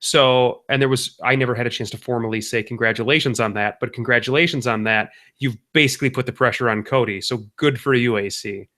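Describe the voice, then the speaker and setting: A man with a voice of ordinary pitch co-hosts a podcast. He talks in casual chat and needles his partner with dry, teasing remarks. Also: a little fast, hardly any pauses, pushed and bright. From United States. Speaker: podcast co-host.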